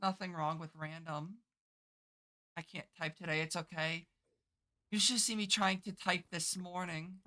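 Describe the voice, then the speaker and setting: A woman's voice: lowish voice, steady tone, a little slow, long pauses, pushed and bright. A woman streaming a game, muttering to herself as she plans her build and swearing casually while she chats. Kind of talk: casual gameplay commentary.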